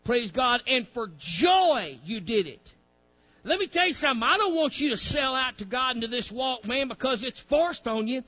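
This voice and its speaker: A man's voice: extremely high pitch, very animated, moderate pace, bright, forceful tone, muffled recording, soft background music. A male preacher, delivering a fiery sermon with folksy grammar, directing a reader and acting out pleading voices.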